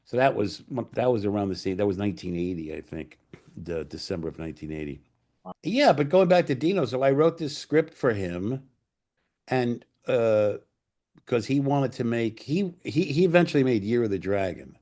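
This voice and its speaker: A man in his sixties, a screenwriter being interviewed, unspools anecdotes in a loose, rambling way. He swears casually and trips over restarts and fillers. His voice sits at an ordinary middle pitch. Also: sing-song, normal speed, dark tone. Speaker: screenwriter and director, guest.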